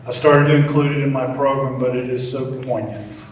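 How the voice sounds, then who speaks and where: An older man giving a heartfelt acceptance speech with gentle, storytelling humor, at a podium in a large event hall. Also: mid-range voice, fairly even intonation, brisk, slight background noise. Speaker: award honoree. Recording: echoey hall from far off.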